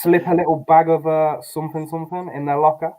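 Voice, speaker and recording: A man co-hosting a sports betting stream in relaxed, chuckling banter. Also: fairly high pitch, fast talker. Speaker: sports betting show co-host. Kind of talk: casual live-stream banter.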